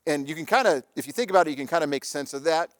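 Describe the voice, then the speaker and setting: A man's voice: a little high, animated, racing, fairly bright tone, no echo, clean studio sound. A man giving a live talk on relationships, telling anecdotes in a conversational way with frequent restarts. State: married father. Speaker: presenter on relationships and parenting.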